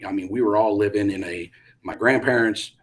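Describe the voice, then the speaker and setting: A man's voice: on the low side, brisk. A middle-aged man, a retired Army pilot, telling stories in a casual interview and acting out the quotes. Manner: animated, acts out quotes with bursts of loudness.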